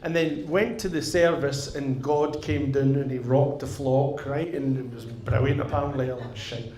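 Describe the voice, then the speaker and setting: Northern Irish comic telling a story on stage. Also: male voice, mid-range voice, moderate pace. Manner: animated, swearing, tags lines with "right?". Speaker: stand-up comedian. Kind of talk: stand-up storytelling. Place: theatre stage. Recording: echoey live venue with audience.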